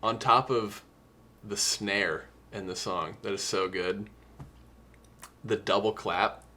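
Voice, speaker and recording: Young man, low voice, earnest music-podcast co-host, heartfelt chat. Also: steady tone, slow pace, pushed and bright, a little hiss or hum. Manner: earnest, emotional, quotes lyrics. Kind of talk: casual music discussion.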